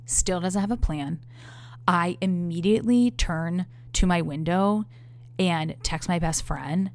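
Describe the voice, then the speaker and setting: A woman in her thirties with a low, gravelly voice, chatting straight to her viewers. She tells her story candidly and with exasperation, and she swears freely. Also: takes it slowly, dry recording. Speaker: vlogger. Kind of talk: casual storytelling to camera.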